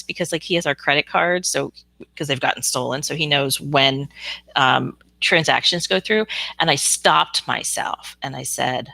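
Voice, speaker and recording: A woman hosting a psychic reading live stream, chatting frankly and casually with viewers and filling pauses with ums. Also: deep voice, gravelly, bright, forceful tone, no echo.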